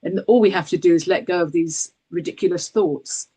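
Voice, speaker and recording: A podcast host with a middle-pitched voice speaks in a relaxed, conversational way. The host reflects on the guest's story, affirms it often, and adds chatty asides. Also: brisk, breathy edge. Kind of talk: conversational interview.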